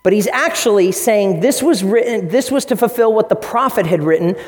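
A man preaching a sermon as pastor, energetic and playful, speaking directly to the congregation. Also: sits high, moderate pace. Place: church sanctuary. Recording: long reverb of a large hall.

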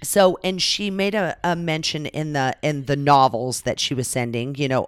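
A woman guest casually telling a travel story in a dramatic, animated way, swearing freely. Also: deep voice, moderate pace, clear, resonant tone, dry recording, clean studio sound. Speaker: podcast guest.

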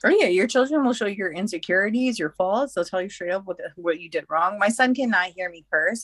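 A woman's voice: medium pitch, lively intonation, a little fast, hardly any pauses, dry recording. A woman talking frankly and emphatically in a casual chat, with slang and a preachy streak.

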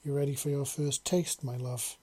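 Sultry female dragon-woman voiced by a man, soft purring tease, warm husky tone. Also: on the high side, unhurried.

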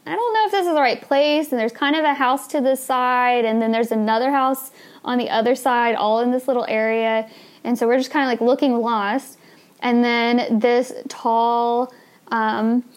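Young woman rambling thru a travel story on her podcast, kinda high voice, lots of likes, laughs a bunch. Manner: chatty, laughs often, lots of "like" and "you know". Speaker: podcast host. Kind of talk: casual storytelling monologue.

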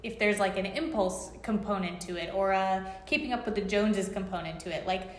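A woman's voice: medium pitch, a little fast, roomy sound. A woman speaking as a guest in a casual interview, talking reflectively about her business with many "like" fillers.

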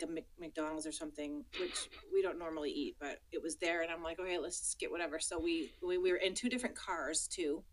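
A woman's voice: low-pitched, poor audio. A woman co-hosting a movie podcast, telling a personal story in casual chat, laughing often and acting out the quotes. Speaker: podcast co-host.

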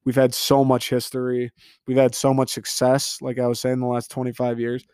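A man's voice: medium pitch, completely flat delivery, moderate pace, darkish tone, clear, resonant tone, dry recording, studio quality. A young man from the Detroit area ranting solo about his sports teams, frustrated and profane, rambling from one point to the next. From Detroit area, Michigan. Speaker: sports podcast host.

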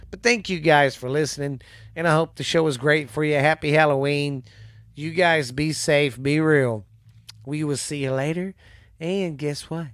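A man hosting a podcast, reading ghost stories aloud in a halting, casual way with many restarts. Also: on the high side, steady tone, a bit bright, dry recording, studio quality.

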